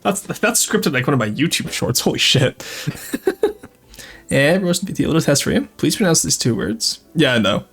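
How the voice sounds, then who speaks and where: A man's voice: a little high, big pitch swings, normal speed, gravelly, fairly bright tone, breathy edge, soft background music. A French Canadian man streaming a strategy game, rambling and chatty, swearing freely and laughing often. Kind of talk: casual live-stream chat with game commentary.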